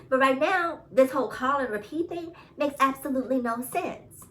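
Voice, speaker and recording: A woman's voice: high voice, lively intonation, brisk, few pauses. Emphatic New York woman, slightly distant mic. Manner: emphatic, repeats points, laughs often. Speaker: commentary vlogger. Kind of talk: casual opinion commentary.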